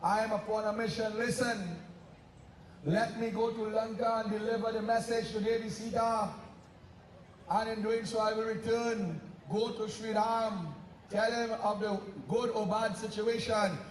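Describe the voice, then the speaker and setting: A man voicing a gentle devoted hero who pleads politely in a devotional story. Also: high-pitched, flat delivery, measured pace, reverberant, distant mic, a little hiss or hum, poor audio.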